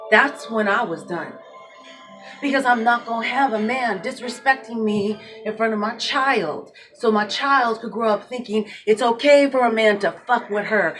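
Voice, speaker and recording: A woman's voice: on the high side, fairly bright tone. Blunt, swearing woman telling her story. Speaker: single mother. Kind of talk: emotional personal monologue.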